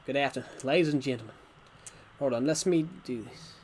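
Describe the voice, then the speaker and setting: A man's voice: medium pitch, a little fast, darkish tone, a little hiss or hum, close to an everyday voice. A man putting on an American accent to play a president giving a grave farewell speech, in a mock-solemn speechmaking manner. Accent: put-on American.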